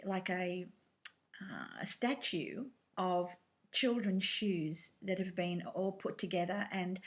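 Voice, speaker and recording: A woman telling a personal story in a reflective, soft-spoken way, pausing with fillers and restarts. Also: lowish voice.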